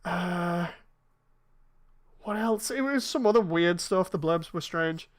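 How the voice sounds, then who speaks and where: Slowly and with lively intonation, a man in his thirties with a high voice chats casually during a game stream, telling stories that ramble.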